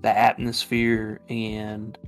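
A man's voice: fairly low pitch, monotone, takes it slowly, soft background music. A man co-hosting a casual podcast, hesitant and full of fillers, saying "dude" often. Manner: hesitant, filler-heavy, says dude a lot. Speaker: podcast co-host. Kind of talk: casual chat.

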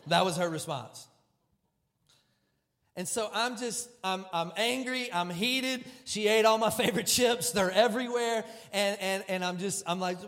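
A male pastor preaching with a personal story, animated and self-deprecating, moving between loud outbursts and hushed, serious moments. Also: sits high, measured pace. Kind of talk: sermon storytelling.

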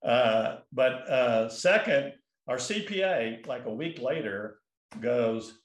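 A man's voice: medium pitch, expressive, slow, echoey room. A man telling a long personal story in a casual, rambling way, full of restarts and fillers. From California. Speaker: guest.

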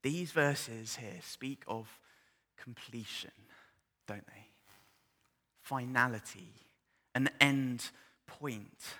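A man's voice: mid-range voice, very slow, pauses often. Impassioned male preacher in a reverberant hall. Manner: swings from loud impassioned build-ups to hushed, near-whispered scripture reading. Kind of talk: sermon. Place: church hall.

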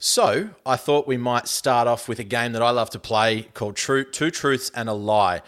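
Bright-voiced Australian podcast host. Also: male voice, medium pitch, normal speed. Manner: relaxed, jokey, presenting segments. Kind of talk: casual podcast chat.

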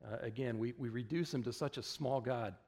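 A man preaching a conversational sermon in a church, relaxed and chatty, with wry asides and frequent fillers. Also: mid-range voice, a little fast. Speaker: pastor.

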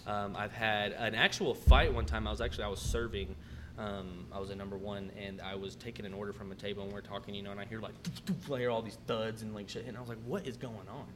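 A man's voice: on the low side, fast talker, background noise. A man with an Oklahoma accent, a restaurant manager hosting a podcast, telling a story in casual chat and acting out the people in it with swearing and laughs. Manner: animated, acts out quotes with swearing and laughs.

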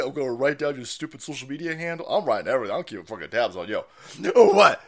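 A middle-aged man rants through his livestream, loud and foul-mouthed, wandering from point to point and quick to laugh. His voice sits high and swings wildly up and down. Underneath it is a gravelly, bright edge. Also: sing-song. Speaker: stream host. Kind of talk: profane ranting livestream monologue.

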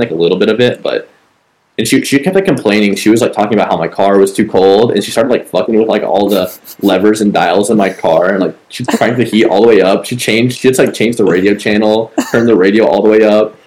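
Man, low voice, podcast co-host, casual rambling storytelling, lots of cursing and fillers. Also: darkish tone, low-quality recording. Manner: rambling, profane, heavy on fillers.

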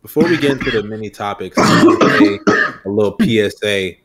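A man's voice: lowish voice, lively intonation, fairly quick, a loud crowd. A man co-hosting casual sports banter, blunt and opinionated, and steering the talk to new topics. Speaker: podcast co-host.

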